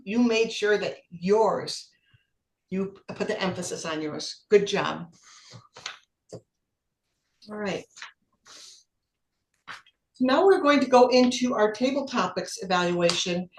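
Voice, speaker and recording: A woman's voice: medium pitch, roomy sound. A woman acting as general evaluator at a speaking club meeting, giving encouraging feedback on a speech. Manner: encouraging, apologetic when corrected.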